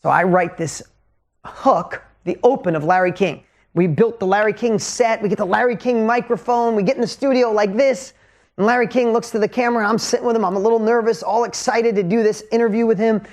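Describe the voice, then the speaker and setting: A man in his fifties telling a business story as a motivational coach, energetic and emphatic, his pitch swinging widely to drive points home. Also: a little fast.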